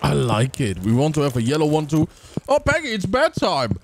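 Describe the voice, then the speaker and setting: Animated man narrating his game. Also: medium pitch, normal speed, background noise. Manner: chatty, talks to game characters, hums and sings. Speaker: gamer. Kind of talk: casual let's play commentary. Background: game music.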